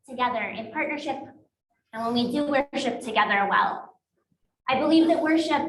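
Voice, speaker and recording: Woman guest minister, high voice, slow inviting liturgy, roomy church echo. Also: a little hiss or hum. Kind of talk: leading a worship service. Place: church sanctuary.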